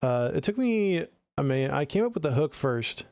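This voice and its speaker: A man's voice: a little high, big pitch swings, moderate pace, a little mellow, no echo. A man streaming live as a music producer, chatting casually and answering his viewers' messages by name. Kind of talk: casual livestream chat.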